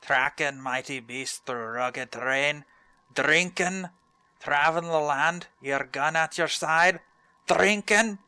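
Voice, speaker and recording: A man voicing a gruff male dwarf quest-giver in a clumsy put-on Scottish accent, reading in a brusque, booming way. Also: steady tone, slow pace, sharp tone, dry recording, exaggerated voice. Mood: hearty. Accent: Scottish, put on badly.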